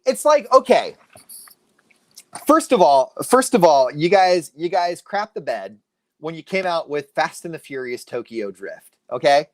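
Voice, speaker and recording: Man, co-host, lively pitch, slightly high voice, casual banter. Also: unhurried. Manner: animated, jokey, mimics people mid-story. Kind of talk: casual chat.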